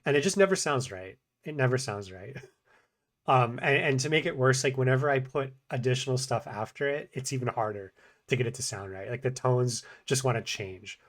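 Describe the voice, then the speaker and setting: Man, mumbling, self-critical, casual video diary, halting repeated practice phrases, fast then slow. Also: mid-range voice. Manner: mumbles, swings between fast talk and slow pauses. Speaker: language learner vlogger.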